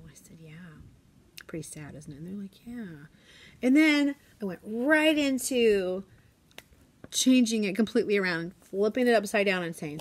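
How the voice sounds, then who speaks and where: A teacher in her forties with a medium-pitched voice chats casually in a classroom vlog. She often drops into a hushed whisper.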